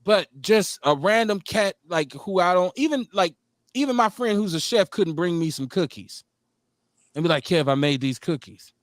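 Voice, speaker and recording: Animated man telling stories on talk radio. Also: sits high, moderate pace, dry recording, clean studio sound. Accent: Milwaukee. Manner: storytelling, animated, acts out the people in his stories. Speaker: radio show host. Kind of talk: casual chat.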